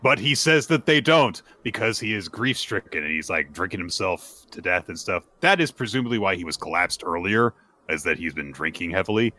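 Lively, bright-voiced male podcast host. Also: deep voice, a little fast. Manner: animated, playful, acts out characters. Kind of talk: casual chat retelling a manga chapter.

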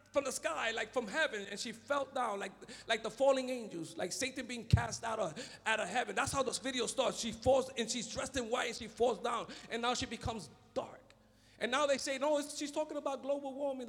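A man preaching a sermon as pastor, swinging between fervent shouts and low muttering. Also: big-room sound. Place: church.

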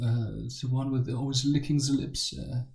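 A man's voice: medium pitch, level tone, a little fast, darkish tone, close to an everyday voice. A man playing an odd band member who rambles, halts and gropes for names, in an improvised comedy interview. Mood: muddled. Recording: echoey room.

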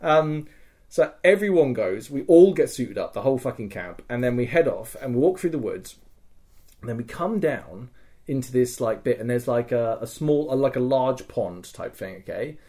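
Male podcast host, mid-pitched, casual storyteller, animated and sweary, always checking in with "right?". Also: moderate pace.

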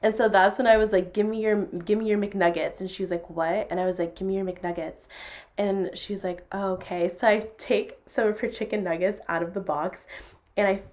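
A young woman hosting a podcast, telling a story in a casual, animated way and acting out each line of dialogue between bursts of laughter. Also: mid-range voice, a little fast.

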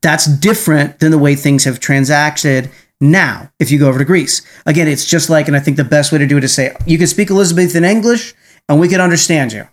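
A man's voice: fairly high pitch, a little fast. A man hosting a podcast in casual chat, rambling with many restarts and frequent tag questions. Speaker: podcast host.

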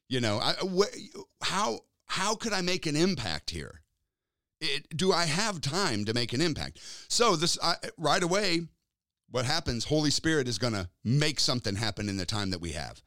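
A man's voice: on the high side, no room sound, studio quality. A man preaching a sermon, telling a story and acting out the dialogue in it. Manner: animated, acts out dialogue in his stories. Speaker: pastor. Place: church.

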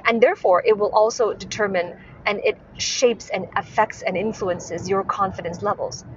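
A woman's voice: mid-range voice, fairly even intonation, moderate pace, dull audio, slight background noise. Woman podcast host coaching on speech. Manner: frequent tag questions, self-corrections. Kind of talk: instructive podcast monologue.

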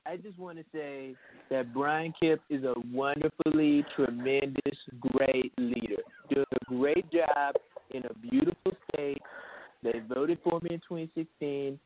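A man's voice: a little high, unhurried. A man on a radio show doing an impression of a boastful older male politician, piling on superlatives. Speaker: co-host. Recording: phone-like lo-fi line.

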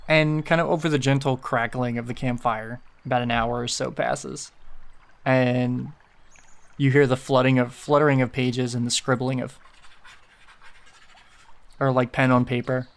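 A man narrating a tabletop game as game master, in a relaxed, hesitant way. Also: mid-range voice, a little slow, vocal fry, pauses often.

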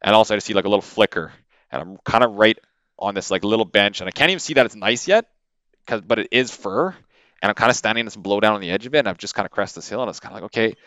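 Male podcast guest from Canada, clear low voice, eager rambling storyteller, dry close mic. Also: very fast, dry recording. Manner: animated, with many fillers and repeated words. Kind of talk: casual storytelling. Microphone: podcast microphone.

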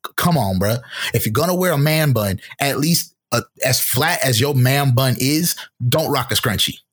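A man co-hosting a casual podcast, riffing jokingly in rambling bits with a husky voice. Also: mid-range voice, lively intonation, moderate pace. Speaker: podcast co-host. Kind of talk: casual recap chat.

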